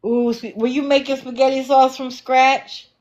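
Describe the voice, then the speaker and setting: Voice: high-pitched, level tone, moderate pace, muffled recording. A livestream host talking back to viewers in the comments, challenging and sarcastic.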